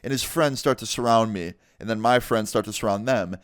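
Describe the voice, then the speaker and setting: A young man casually telling a storytime vlog with animated delivery and heavy swearing. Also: lowish voice, brisk, dry recording, studio quality. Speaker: vlogger.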